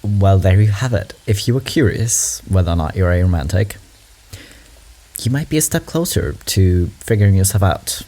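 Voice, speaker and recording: Man, deep voice, mellow tone, casual reaction chat, rambling fillers. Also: animated, normal speed. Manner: chatty, lots of "like" and "um" fillers. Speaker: meme reaction host.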